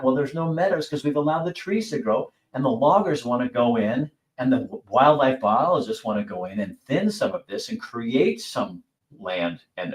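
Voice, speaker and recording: A man's voice: medium pitch, reverberant, poor audio. A middle-aged man hosting a show, talking bluntly and casually, swearing and mimicking people in raised voices. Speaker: host. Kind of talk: casual opinion monologue.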